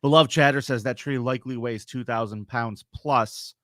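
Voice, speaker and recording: A man's voice: mid-range voice, steady tone, normal speed, a bit bright, no echo. Teasing man reading chat aloud. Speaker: co-host. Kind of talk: casual livestream chat.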